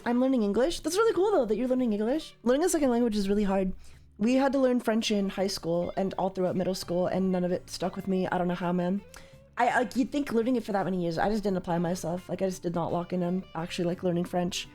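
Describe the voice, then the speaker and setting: A young woman from Canada chatting casually as a streamer while playing a card game, with sudden loud, high exclamations. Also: fast talker, soft background music.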